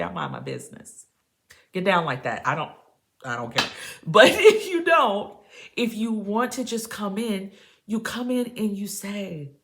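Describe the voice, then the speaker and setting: A woman with a deep voice and a gravelly edge gives a tarot reading to camera. She speaks emphatically to the listener, like a preacher. She stays casual throughout, calling people baby and y'all. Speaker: tarot reader.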